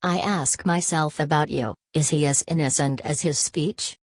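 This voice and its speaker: A proud, aloof young man speaks with a cool, cutting edge, read by a woman. The voice sits very low and deep. The recording is close and dry, with no room sound. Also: moderate pace, no echo.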